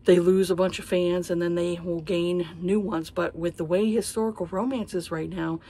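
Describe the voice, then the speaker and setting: A woman's voice: fairly low pitch, fairly even intonation, normal speed, warm tone, a little hiss or hum. A woman in her thirties vlogging about books in a heated, profane, exasperated casual rant. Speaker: book vlogger. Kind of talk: casual ranting monologue.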